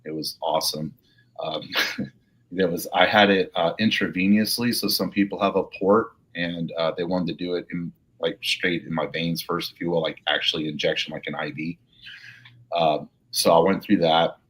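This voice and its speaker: A man's voice: deep voice, fairly even intonation, moderate pace, a bit bright, slightly rough. A middle-aged man, a police officer and podcast guest, telling rambling, jokey stories about his life in an interview. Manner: rambling, jokey anecdotes with laughs. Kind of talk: storytelling interview.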